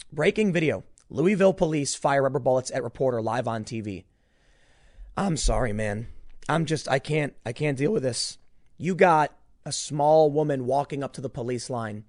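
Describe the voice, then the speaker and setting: A man hosting a commentary show, ranting in an emphatic, exasperated way and repeating words as he heats up. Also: a little high.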